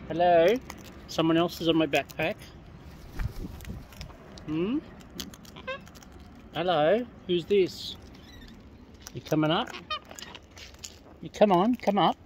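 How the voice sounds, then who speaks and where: Australian woman vlogger, playful bird-feeding chatter outdoors; lowish, swooping delivery, unhurried, noisy outdoor recording. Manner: affectionate, playful coaxing of birds. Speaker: vlogger feeding wild birds. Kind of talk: casual chat to birds. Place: outdoors among feeding birds.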